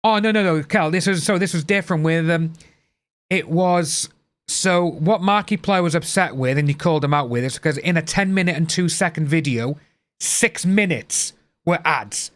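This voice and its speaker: A man's voice: a little high, normal speed, fairly bright tone. A man chatting casually to his livestream viewers, blunt and ranting, swearing freely. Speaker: livestream host.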